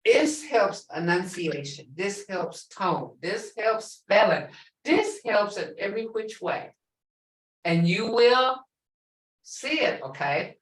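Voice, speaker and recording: A woman leads a language lesson at an unhurried pace, with a lively, rising and falling voice. She sounds far from the mic in an echoey room, repeating words and coaxing students to answer. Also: mid-range voice. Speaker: language teacher.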